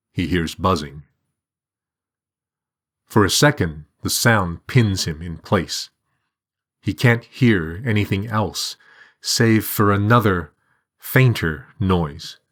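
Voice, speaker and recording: Slow, low-voiced male story narrator. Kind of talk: scripted narration.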